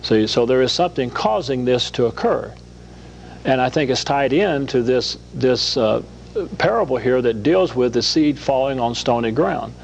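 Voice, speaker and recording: Animated, gravelly male guest preacher. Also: medium pitch, moderate pace, a little hiss or hum, poor audio. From Louisiana. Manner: animated, acts out scripture dialogue. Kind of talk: sermon-like Bible teaching.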